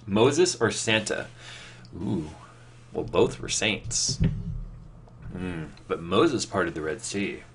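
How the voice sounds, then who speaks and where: A man's voice: deep voice, big pitch swings, slow pace, gravelly, pauses often, breathy edge. A man chatting casually on a live stream, reading viewer questions aloud and answering off the cuff, rambling with lots of fillers and restarts.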